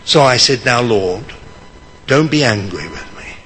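A man's voice: mid-range voice, a little slow, a little hiss or hum, low-quality recording. An older man telling a personal faith story, acting out the people in it. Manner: animated storyteller, acting out quotes. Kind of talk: testimony storytelling.

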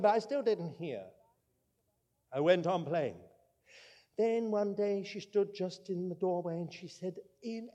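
A high-voiced man preaching a sermon in a large hall, his words trailing off into a long reverb. He tells stories with emphasis and slows right down to stress key points. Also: darkish tone.

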